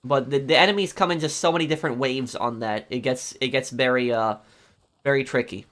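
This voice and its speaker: A man's voice: medium pitch, brisk, fairly bright tone. Hesitant male game streamer. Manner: hesitant, many ums and restarts, answering chat. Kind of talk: casual live-stream chat.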